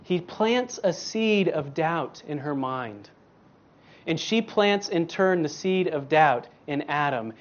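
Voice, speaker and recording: Slow, emphatic man preaching a sermon. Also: fairly high pitch, lively intonation, lo-fi sound. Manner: emphatic, with rhetorical questions and repeated words. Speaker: guest preacher.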